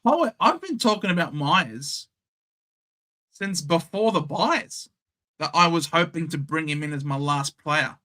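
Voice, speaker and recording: Bright-voiced Australian man, unhurried. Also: fairly high pitch, expressive. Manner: cheeky, banters with chat, reads scores aloud. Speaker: livestream host. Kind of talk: casual live watchalong chat.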